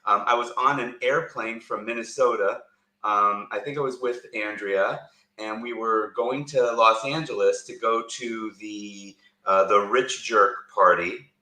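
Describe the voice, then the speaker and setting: A man co-hosting a live-stream talk show, loud, rambling and joking from a small room. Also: fairly low pitch, fairly even intonation, measured pace. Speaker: co-host. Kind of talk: casual live-stream chat. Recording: echoey room.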